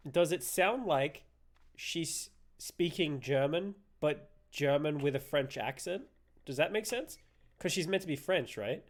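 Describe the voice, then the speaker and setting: A man's voice: a little high, expressive, measured pace. A man streaming a game live, commenting playfully and laughing as he jokes with his audience. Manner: playful, laughing, joking with chat.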